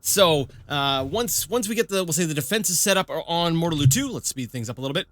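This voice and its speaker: A man's voice: fairly high pitch, lively intonation, a little fast, a bit bright, dry recording. A man hosting a strategy game playthrough, chatting casually and thinking aloud with plenty of fillers. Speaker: host of a gaming channel. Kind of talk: casual let's-play commentary.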